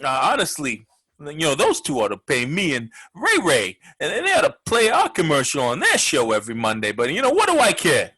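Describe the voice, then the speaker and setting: A man's voice: fairly high pitch, wildly swooping pitch, brisk, bright, forceful tone, slightly rough, poor audio. A man hosting a comedic sports radio talk show, brash and profane, rambling with lots of filler words.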